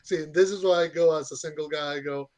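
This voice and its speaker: A man's voice: on the high side, steady tone, fast talker, a little mellow, dry recording. A man co-hosting a podcast, chattily retelling a story he read online. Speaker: podcast co-host. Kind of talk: casual chat, reading a post aloud.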